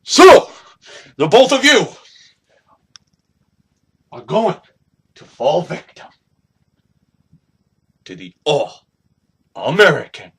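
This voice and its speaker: A man's voice: sits high, huge pitch swings, extremely slow, long pauses, breathy edge. A young man cutting a boastful, taunting wrestling promo, trash-talking his rivals.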